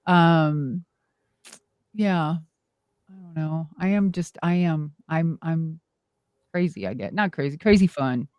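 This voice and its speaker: A middle-aged woman telling stories in an interview in a lively, rambling way, acting out the voices she quotes and swearing casually. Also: low voice, slow, pauses often, no echo, lo-fi sound. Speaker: guest, former wrestler and monster truck driver.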